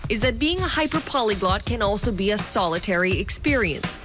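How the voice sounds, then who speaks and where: Lady doing news voiceover, steady and scripted, music going under it. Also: mid-range voice, brisk. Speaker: narrator, reporter. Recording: voice-over with background music.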